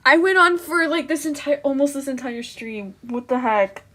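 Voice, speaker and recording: A woman's voice: high-pitched, normal speed, bright, forceful tone. A young woman streaming from her bedroom, chatting casually to her viewers while she draws, giggling and easily flustered. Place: bedroom at home.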